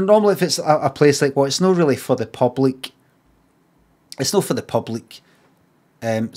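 A middle-aged Scottish man streaming, chatting casually, rambling and swearing, and mocking signs in lively put-on voices. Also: medium pitch. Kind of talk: casual livestream chat.

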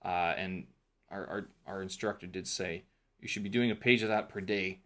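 A man with a fairly low voice talks through his study notes for a vlog. He rambles and thinks aloud, full of fillers and restarts, in a relaxed, unscripted way. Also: normal speed. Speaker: vlogger reviewing a teacher training course. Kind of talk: casual talk-through vlog.

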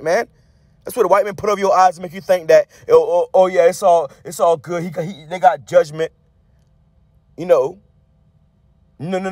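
The man's voice is high with a darkish tone, recorded with no echo. A street preacher, he delivers a heated, profane, blunt sermon-style rant about a news clip, with frequent restarts and a tag word used again and again.

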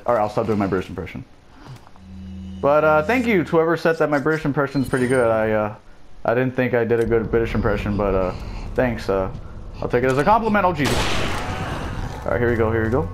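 Excitable young male let's-play commentator. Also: mid-range voice, fast talker, long pauses. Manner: excitable, jokey, loud outbursts of surprise. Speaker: gameplay commentator. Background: family noise and faint game music.

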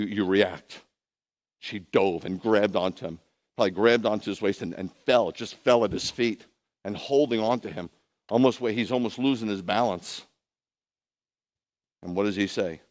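A man, a rabbi, preaching a lively sermon full of rhetorical questions and conversational asides. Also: on the low side, normal speed.

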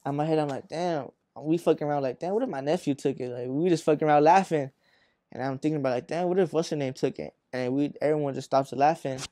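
A rapper from Arizona, interviewed as a guest, tells long stories in profane street slang, full of fillers, acting out the voices of the people in them. He talks fast in a fairly high, warm voice on a dry recording.

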